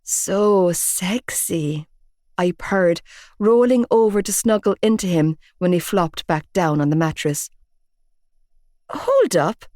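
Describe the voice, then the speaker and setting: A woman narrating a romance audiobook in first person, measured and expressive. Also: lowish voice, no echo, studio quality.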